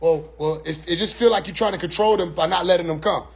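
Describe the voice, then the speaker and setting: Man, high-pitched for a man, casual monologue, blunt, profane, rambling, repeats his catchphrase. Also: fast, creaky. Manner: rambling, repeats "you see what I'm saying"; blunt, profane street talk. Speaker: commentator.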